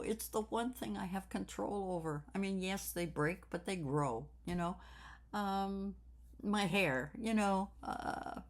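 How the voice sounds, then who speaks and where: A woman in her sixties talking slowly and reflectively in a personal vlog, with many fillers and repeated words. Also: lowish voice. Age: 60s. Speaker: craft channel host.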